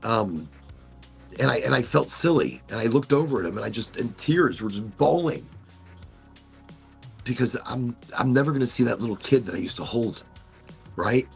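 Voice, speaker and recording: A man's voice: medium pitch, lively intonation, normal speed, creaky, pauses often, soft background music. A middle-aged man hosting a casual podcast, rambling and swearing as he tears up. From Florida. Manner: rambling, profane, emotional, frequent restarts. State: tearing up. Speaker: podcast host. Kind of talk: casual chat.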